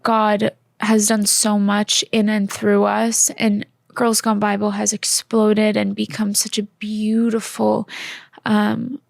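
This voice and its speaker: Earnest woman with a gravelly voice. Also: mid-range voice, completely flat delivery, slow pace, no echo, clean studio sound. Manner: earnest and heartfelt, with many fillers. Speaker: podcast co-host. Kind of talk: casual faith podcast chat.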